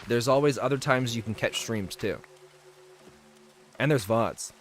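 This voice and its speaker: A man's voice: mid-range voice, a little slow, soft background music. A man in his twenties chatting casually on a game livestream, reading out viewer messages and laughing easily as he tells stories. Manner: chatty, reads chat aloud and answers viewers. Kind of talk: casual livestream chat while playing.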